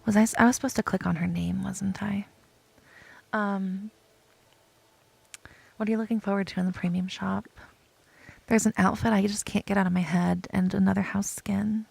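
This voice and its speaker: A young woman streaming a video game, chatting to her viewers in an excitable, dramatic way, gushing over cute items and groaning at losing them. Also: mid-range voice, moderate pace, gravelly, pauses often, breathy edge. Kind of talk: casual gameplay chat to viewers.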